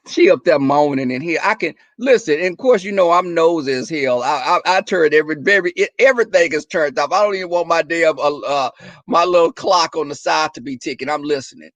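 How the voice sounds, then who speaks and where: Young adult man, livestream host, gravelly voice, dry close sound, profane storyteller. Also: fairly high pitch, normal speed, no room sound. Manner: profane, animated storytelling, talks to viewers as y'all. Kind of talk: casual chat to viewers.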